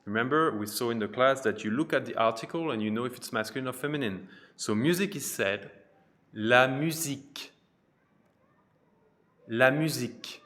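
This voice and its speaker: A man teaching a pronunciation lesson, repeating each phrase slowly and carefully, with chatty teaching asides. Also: medium pitch, animated, a bit bright. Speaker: French teacher.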